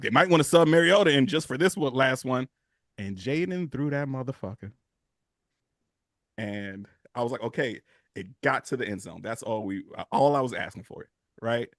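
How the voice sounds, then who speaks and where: A man co-hosting a sports podcast, talking in an animated, storytelling way and swearing freely. His voice sits mid-range and sounds dry and close to the mic, with no room around it. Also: mid-range voice, brisk, dry recording. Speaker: podcast co-host. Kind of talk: casual sports chat.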